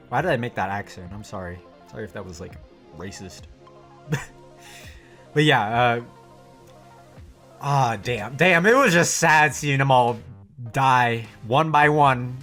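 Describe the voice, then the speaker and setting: A man giving casual, animated reaction commentary while watching anime, swearing freely and laughing often. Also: medium pitch, measured pace, long pauses, faint music behind.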